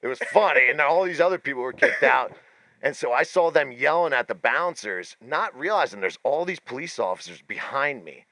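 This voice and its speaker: Male podcast host, profane, animated storyteller; gravelly, tense, bright voice with a wide pitch range. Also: brisk, few pauses, no echo. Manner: profane, animated, acts out voices in his stories. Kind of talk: casual storytelling.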